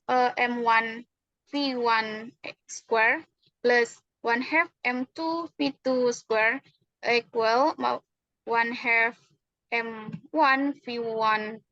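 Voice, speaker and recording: Young indonesian woman explaining physics, slow with lots of uhs, dry muffled recording. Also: a little high, sharp tone, no echo. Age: young adult. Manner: careful, hesitant, reading formulas with frequent fillers. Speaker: university student acting as physics teacher. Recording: dry, dull lo-fi sound.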